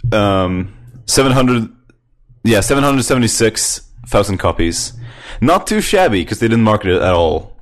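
A man hosting a casual group chat, reading out scores and swearing loosely. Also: fairly low pitch. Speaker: podcast host.

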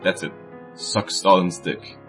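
Gloating domineering dictator read by a man, deep voice, mock-serious. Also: steady tone, takes it slowly, soft background music. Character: domineering male Soviet dictator, crude and gloating.

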